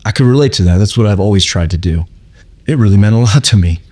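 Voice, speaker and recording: Low-voiced man telling a story casually. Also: lively intonation, fast, mellow. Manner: rambling, many fillers and "like". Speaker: host.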